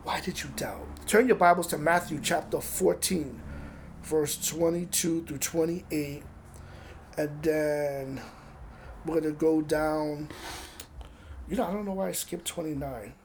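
A man preaching in a relaxed, chatty way, stopping now and then for a quick aside. His voice sits a little above the usual male pitch. He reads scripture aloud and talks it over. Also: a little hiss or hum. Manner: casual, conversational preaching with asides and restarts. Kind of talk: sermon.

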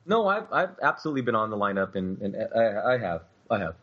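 Male co-host, husky, agreeable, halting, lo-fi remote sound. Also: fairly low pitch, big pitch swings. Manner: agreeable, halting with repeated restarts. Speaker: podcast co-host. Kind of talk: casual chat.

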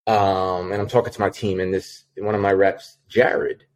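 A male podcast guest who works as a sales manager recounts a work story in a casual chat, animated and heavy on fillers, and acts out a phone call. He speaks at a moderate pace in a deep voice.

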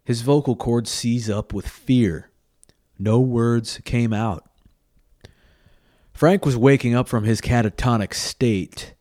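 A man reading a graphic novel aloud, narrating in a measured, dramatic way with small slips. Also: lowish voice, darkish tone, no room sound, clean studio sound. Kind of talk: storybook reading.

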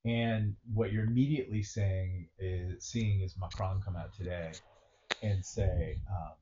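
A man co-hosts a podcast in a low voice, rambling through casual political chat with a sardonic edge. The sound is dull and lo-fi, with a faint hiss behind him. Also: steady tone, a little slow, warm tone. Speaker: podcast co-host.

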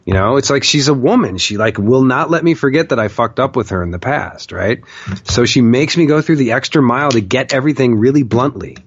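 A man's voice: mid-range voice, animated, a little fast, husky, no echo, lo-fi sound. A man casually telling a long personal story, swearing freely and often saying "like.". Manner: candid, profane, with frequent "like" fillers.

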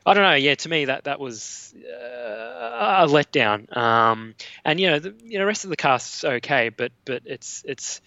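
A man's voice: on the high side, animated, a little slow, vocal fry, pushed and bright, dry recording, muffled recording. A man with an Australian accent, a podcast guest, talking through film opinions with many fillers and restarts. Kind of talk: casual film discussion.

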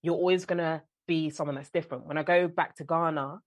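A young woman with a London accent talks in an animated, storytelling way, often slipping into other people's voices. Her voice sits fairly low. The sound is dry and close. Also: quick pace, no echo. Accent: London English. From London, England. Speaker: guest actress and filmmaker. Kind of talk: conversational interview.

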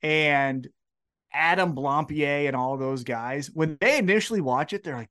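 A man's voice: on the high side, measured pace, bright, forceful tone. A man co-hosting a casual wrestling podcast, ranting with strong opinions and frequent swearing. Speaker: podcast co-host.

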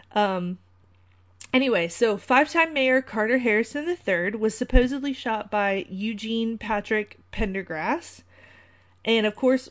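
A woman hosting a podcast, talking casually with many fillers and wry asides. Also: on the high side. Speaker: podcast host. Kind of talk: casual conspiracy podcast talk.

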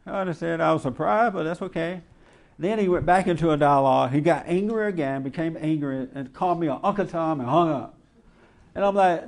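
A man's voice: on the high side, brisk, creaky, a little mellow. A man hosting a radio talk show, preaching with emphatic rhetorical questions and mocking quotes. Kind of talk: preaching commentary to a live audience.

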